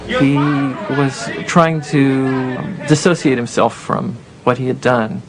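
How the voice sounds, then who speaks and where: A man interviewed as a former prisoner, measured and resentful. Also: mid-range voice, steady tone, low-quality recording.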